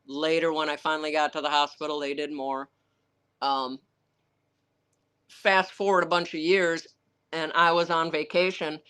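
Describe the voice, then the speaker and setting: A woman with a deep, slightly bright voice that sounds clear and resonant. She's an author answering viewer questions on a livestream, telling candid, rambling stories in a blunt, salty way. She swears now and then and acts out other people's words in quoted voices.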